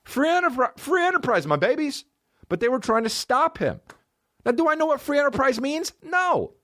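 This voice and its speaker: A man hosting a comedy podcast, ranting profanely and swinging between excited highs and low mutters. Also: moderate pace, no room sound, studio quality. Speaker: podcast host. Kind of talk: solo comedy podcast rant.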